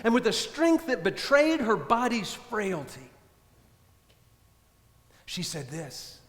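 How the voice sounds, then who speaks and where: A man's voice: sits high, sing-song, slow pace, long pauses, fairly bright tone. A male priest preaching a sermon, telling stories emphatically, repeating refrains and speaking directly to the congregation. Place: church. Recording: long church reverb.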